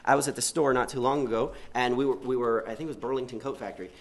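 A man's voice: mid-range voice, fairly even intonation, fast talker. A man preaching a sermon in an earnest way, often asking his listeners rhetorical questions.

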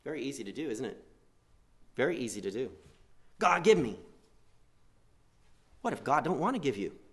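A man preaching a sermon, swinging between loud emphatic lines and quiet asides, and acting out quoted prayers. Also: mid-range voice, big pitch swings, quick pace. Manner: acts out quoted prayers in a pleading voice.

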